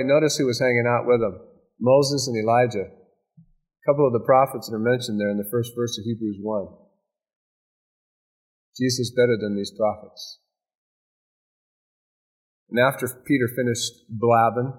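A man preaching a sermon, emphatic, with repeated phrases and dramatic pauses. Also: medium pitch. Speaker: pastor.

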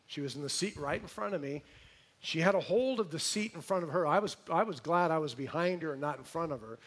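A man preaching a sermon, telling a story in an animated way and praying. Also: a little high, fast talker, breathy edge. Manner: storytelling, animated, imitates voices.

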